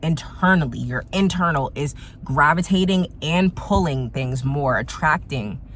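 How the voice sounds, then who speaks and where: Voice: medium pitch, unhurried, a bit bright, a little hiss or hum. A tarot reader giving a casual spiritual reading, speaking emphatically and repeating points straight to the viewer.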